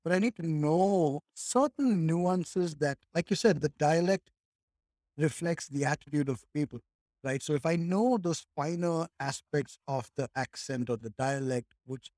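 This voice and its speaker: A man's voice: fairly high pitch, a little slow, a little mellow, dry recording, clean studio sound. A man from India in casual conversation, thinking aloud and leaning on "like" and "right?" a lot.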